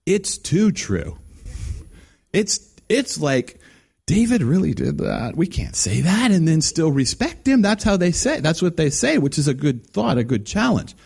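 A man's voice: a little high, sing-song, unhurried, vocal fry, darkish tone, husky. A man preaching a conversational sermon, acting out quoted voices with many restarts. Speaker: guest preacher.

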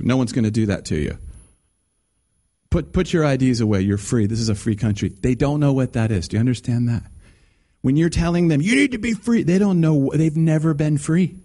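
A man preaching a sermon, telling a story in an animated, emphatic way with frequent restarts. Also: mid-range voice, a little fast.

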